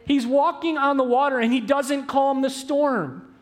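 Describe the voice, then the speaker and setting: A man preaching a sermon as pastor, animated, moving between loud emphasis and hushed, slow phrases. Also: very high-pitched. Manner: quick asides mixed with slow, drawn-out phrases.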